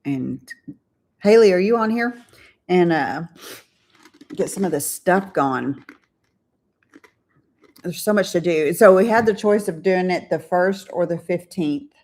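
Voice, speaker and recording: Older woman, lowish voice, livestream co-host, chatty, teasing. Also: lively intonation, unhurried, pauses often, a little mellow. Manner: chatty, teasing, reads out viewer comments. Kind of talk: casual chat.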